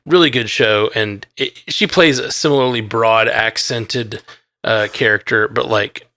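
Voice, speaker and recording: A man's voice: lowish voice, unhurried, pushed and bright, no echo. A man co-hosting a podcast, talking animatedly in a casual review chat, full of "like" and restarts. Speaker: podcast co-host.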